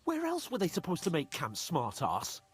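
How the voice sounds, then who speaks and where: Huffy high husky young noble, swings his voice around. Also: huge pitch swings, moderate pace, faint music behind, full character voice. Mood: indignant. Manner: indignant, pompous. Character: haughty young male nobleman.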